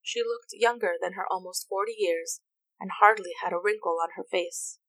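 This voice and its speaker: A woman reading a story aloud as narrator, in an even, unhurried manner. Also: medium pitch, dry recording. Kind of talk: reading fan fiction aloud.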